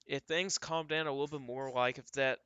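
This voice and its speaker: Male storm-tracking streamer, casual think-aloud delivery, smooth bright tone. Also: medium pitch, no room sound, highs cut off. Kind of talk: live weather commentary.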